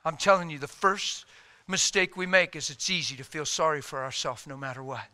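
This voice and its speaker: High, bright-voiced male preacher. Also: a little fast. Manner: animated, humorous storytelling. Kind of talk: sermon.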